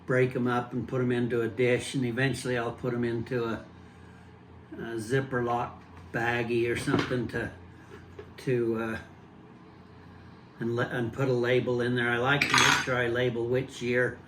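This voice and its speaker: A man's voice: medium pitch, level tone, moderate pace, pauses often, noisy background. An older man casually demonstrating how he cuts and prepares pumpkins at home, explaining plainly and restarting his sentences. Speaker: home gardener showing pumpkin prep.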